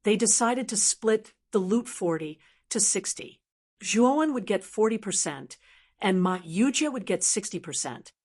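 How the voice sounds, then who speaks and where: A woman narrating a fantasy novel audiobook in an even, steady reading. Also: mid-range voice, measured pace.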